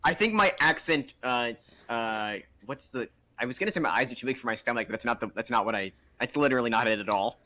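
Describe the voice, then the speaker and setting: A man's voice: mid-range voice, fast, bright, forceful tone, no echo. A man chatting casually on a group game stream, rambling and restarting as he searches for words. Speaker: streamer playing a game with friends. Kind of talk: casual chat.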